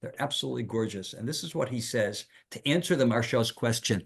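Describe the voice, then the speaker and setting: A male rabbi giving a Torah lecture, animated and emphatic, asking rhetorical questions and sprinkling in Hebrew terms. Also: medium pitch, fast talker, creaky, slightly rough.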